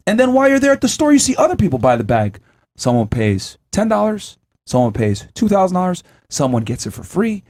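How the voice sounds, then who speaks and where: A man's voice: sits high, a little fast. A man hosting a podcast panel, telling an acted-out scenario and swearing freely. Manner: animated storyteller, acts out scenarios, swears. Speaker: podcast host. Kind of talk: heated panel debate.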